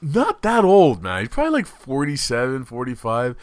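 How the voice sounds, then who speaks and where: A man hosting a comedy podcast, chatting casually in an animated, swearing, rambling way. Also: medium pitch, normal speed, no echo. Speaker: podcast host.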